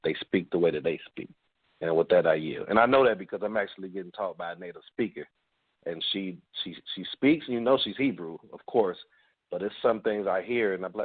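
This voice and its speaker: Man with a Chicago accent, rambling and full of fillers, low voice, dry tinny phone audio. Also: brisk, breathy edge, no echo. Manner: rambling, many filler sounds and restarts. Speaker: panelist. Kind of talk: casual radio round-table chat.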